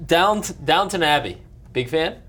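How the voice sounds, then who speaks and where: A man hosting a podcast interview, playful and quick to laugh. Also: on the high side, lively intonation, a bit bright, a little hiss or hum. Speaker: podcast host. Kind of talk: casual interview.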